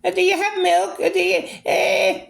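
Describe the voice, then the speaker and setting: A whiny, needy woman lists her wants in a high, mocking singsong, put on by a man. The voice swoops up and down and carries a gravelly edge underneath. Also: very animated, moderate pace, exaggerated voice.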